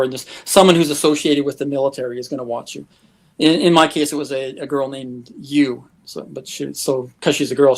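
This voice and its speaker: A man, a guest telling travel stories in a casual interview, breaking into chuckles. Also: a little high. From Canada. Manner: lively anecdotes, chuckles often.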